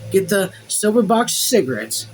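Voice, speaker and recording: A man playing a brisk, high-voiced lady of the house. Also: big pitch swings, a little hiss or hum, poor audio. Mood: commanding. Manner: brisk, giving orders. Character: commanding middle-aged lady of the house.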